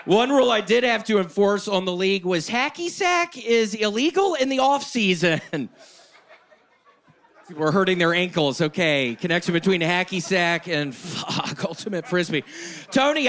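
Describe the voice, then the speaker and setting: A man doing a short stand-up set on a comedy club stage, shouting jokes erratically and giggling at his own punchlines. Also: high-pitched, expressive, moderate pace, creaky. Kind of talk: one-minute stand-up set.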